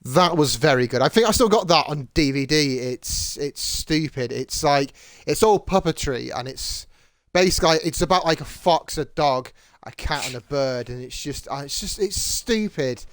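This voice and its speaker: A man's voice: a little high, animated, normal speed, a bit bright, dry recording. Rambling British man full of fillers. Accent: British English. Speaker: streamer. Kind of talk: casual chat while gaming.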